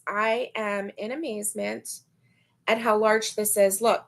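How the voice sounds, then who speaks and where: Slow, chatty woman hosting a livestream. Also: on the high side, level tone. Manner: chatty, reads viewer comments aloud, laughs often. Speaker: crochet livestream host. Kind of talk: casual live-stream chat.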